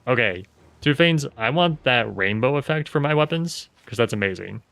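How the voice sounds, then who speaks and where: A man's voice: medium pitch, animated, normal speed, gravelly, a bit bright, no echo. A man streaming a video game, talking casually with wry, self-mocking asides muttered to himself. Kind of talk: casual gameplay commentary.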